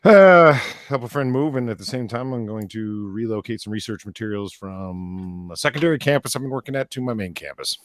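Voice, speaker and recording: A man's voice: medium pitch, animated, fairly quick, few pauses, dry recording, clean studio sound. A man explaining his plans in a plain, matter-of-fact way during a casual chat.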